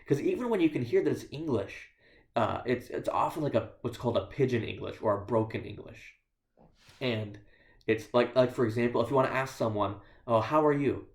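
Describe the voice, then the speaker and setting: A man's voice: medium pitch, lively intonation, brisk. A man speaking as a visiting missionary in church, telling stories with dry, self-deprecating humor. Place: church sanctuary. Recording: echoey church room.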